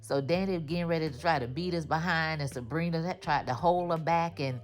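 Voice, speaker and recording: A woman giving a casual, animated recap of a TV episode, full of slang and her own commentary. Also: low voice, a little fast. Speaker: TV recap host.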